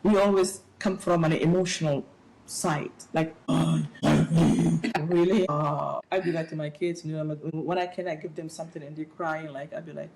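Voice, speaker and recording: A middle-aged woman speaking as an interview guest, giving animated, preachy advice with playful asides. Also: sits low, fairly quick, slight background noise, low-quality recording. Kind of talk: casual interview talk.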